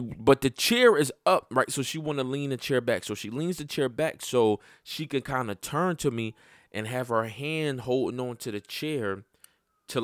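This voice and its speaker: A man tells a story about his child in blunt, casual talk full of swearing. His voice sits at a middle pitch and jumps high and loud when he gets heated. The recording is dry, with no room sound. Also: no room sound. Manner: profane, blunt, conversational; voice climbs high and loud when worked up. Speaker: father telling a personal story.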